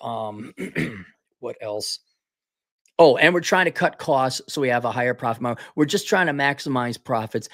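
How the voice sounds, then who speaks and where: A man hosting a podcast, delivering a crude, sarcastic rant, mocking companies in put-on voices and often clearing his throat. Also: medium pitch, animated, normal speed, a bit bright. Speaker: podcast host. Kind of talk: ranting commentary monologue.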